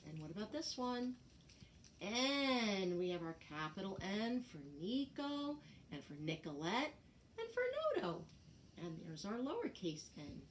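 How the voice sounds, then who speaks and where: A woman's voice: mid-range voice, big pitch swings, unhurried, a little hiss or hum. A woman teaching preschool children the alphabet, chanting letter sounds in a sing-song voice and asking them questions.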